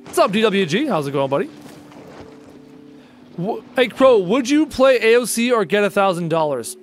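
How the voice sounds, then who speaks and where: A man's voice: high-pitched, big pitch swings, normal speed, slight background noise. A young man streaming a survival game live, chatting casually with viewers and joking as he plays. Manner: casual, joking, addresses chat as dude.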